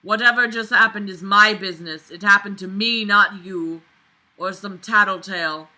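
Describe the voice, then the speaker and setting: A woman's voice: mid-range voice, normal speed, pushed and bright, low-quality recording. A woman voicing an insolent teenage boy jock with a broken nose, reading his lines aloud with a sneer. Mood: defiant.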